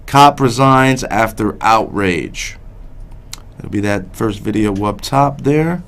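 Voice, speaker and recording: A man's voice: fairly low pitch, expressive, slow pace, fairly bright tone. A man hosting a live call-in show, delivering heated, repetitive political rants and swearing under his breath. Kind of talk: ranting political call-in talk.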